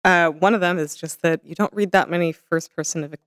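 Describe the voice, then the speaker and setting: A woman's voice: fairly low pitch, fairly quick, fairly bright tone, dry recording, studio quality. A woman hosting an interview, reflective in her questions and laughing lightly between them. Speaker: interviewer and host. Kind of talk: thoughtful interview conversation.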